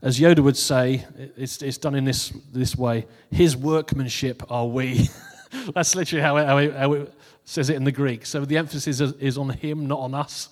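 A man's voice: mid-range voice, fairly even intonation, moderate pace, hardly any pauses, in a large hall. A man giving a casual New Year sermon who reads out funny posts and laughs at his own jokes before turning to scripture. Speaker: preacher.

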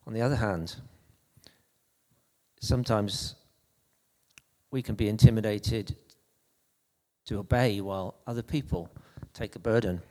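A man preaching an anecdotal sermon in a conversational, halting way, with frequent restarts. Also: on the low side, fairly even intonation, mellow, big-room sound.

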